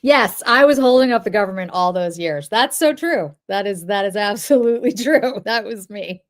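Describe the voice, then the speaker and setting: Chatting on her livestream, this middle-aged Boston-area woman from New England responds to viewers' comments as she goes. Her mid-range voice is expressive and moves at an ordinary speed.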